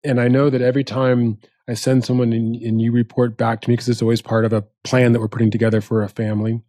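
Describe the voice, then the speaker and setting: A man hosting an interview podcast, speaking in a thoughtful, measured way. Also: mid-range voice, level tone, dark tone, no echo, studio quality. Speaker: podcast host. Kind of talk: interview conversation.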